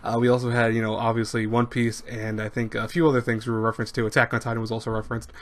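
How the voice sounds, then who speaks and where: A young man casually reviewing an anime episode, rambling and animated, with many restarts and fillers. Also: medium pitch, quick pace.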